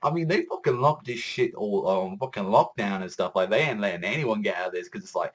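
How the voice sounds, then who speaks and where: A man's voice: lowish voice, brisk. A man casually reviewing an anime episode, swearing constantly and laughing a lot. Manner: profane, excitable, laughs often.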